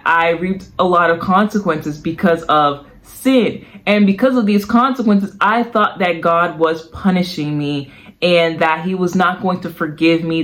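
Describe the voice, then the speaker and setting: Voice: mid-range voice, fairly bright tone. A podcast host giving an earnest, reflective personal testimony about faith, repeating phrases for emphasis. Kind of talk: personal testimony, casual devotional talk.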